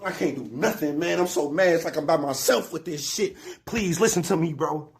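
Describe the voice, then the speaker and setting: Upset man, high husky voice, pleading, heated rant. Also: fairly quick. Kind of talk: emotional rant video.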